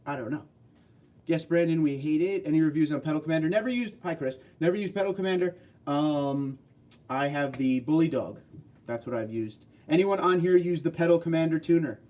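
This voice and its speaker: A man's voice: on the high side, moderate pace, darkish tone, recorded from a distance, lo-fi sound. A man hosting a casual livestream, chatting loosely and answering viewer questions as they come in. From California. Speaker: livestream host. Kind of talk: casual livestream chat reading viewer comments.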